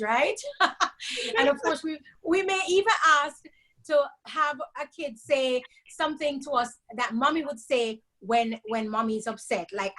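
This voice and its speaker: Woman co-host, slightly high pitch, measured explainer, video call. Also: fairly bright tone, low-quality recording. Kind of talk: casual live-stream chat.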